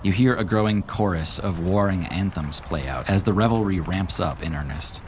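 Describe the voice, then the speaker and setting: A man with a low, deep voice narrates a tabletop game as game master, calm and descriptive. Faint hiss runs underneath the recording. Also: moderate pace.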